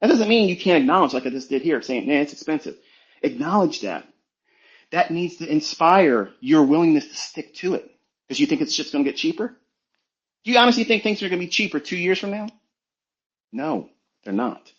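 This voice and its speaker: A man's voice: fairly high pitch, expressive, brisk. Blunt, profane man preaching, muffled audio. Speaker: trading mentor. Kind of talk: motivational talk on a live audio stream.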